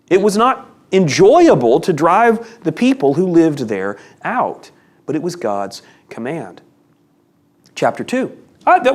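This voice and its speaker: A man teaching a casual Bible study in a conversational, emphatic way, asking rhetorical questions. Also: a little high.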